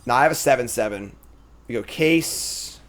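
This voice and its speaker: A man's voice: mid-range voice, moderate pace, a bit bright. A man streaming a card game, thinking aloud in casual commentary and trailing off with fillers.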